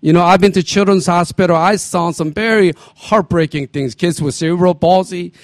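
A man's voice: high-pitched, moderate pace, no room sound. A middle-aged man preaching a sermon as pastor, emphatic, repeating phrases and asking his congregation questions.

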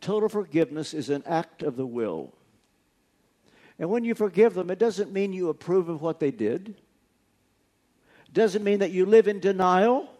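A man's voice: high-pitched, animated, normal speed, long pauses, warm tone. A man preaching a sermon, telling a personal story earnestly and stressing key words through repetition. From United States.

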